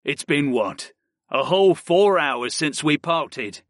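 A man reading a big, ox-like summoner, laid-back and chuckling, in a fantasy audiobook. The pitch stays lively and the read is dry and close. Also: slow pace, no echo, exaggerated voice. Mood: joking. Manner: relaxed, chuckling. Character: huge, ox-like young male summoner, easygoing and tired.

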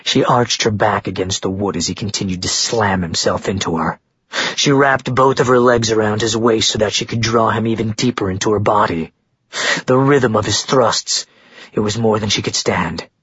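A man narrating a romance novel in a steady, even storytelling read. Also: lowish voice, normal speed, slightly rough, highs cut off. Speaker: audiobook narrator.

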